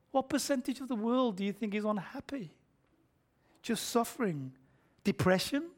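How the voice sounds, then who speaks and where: A male pastor, preaching a sermon and swinging between loud declarations and hushed asides. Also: very high voice, lively intonation, normal speed, pauses often. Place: church.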